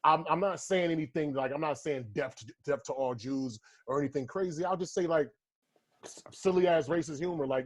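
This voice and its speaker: Rambling, profane comedian with husky voice. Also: male voice, on the high side, brisk. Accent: American. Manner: profane, rambling, puts on mocking voices for bits. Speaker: podcast co-host, comedian. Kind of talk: casual podcast banter.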